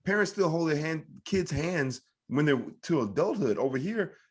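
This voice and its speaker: A man's voice: on the high side, animated, moderate pace, breathy edge. A man hosting a podcast in casual chat, speaking emphatically and earnestly, peppered with dude and man.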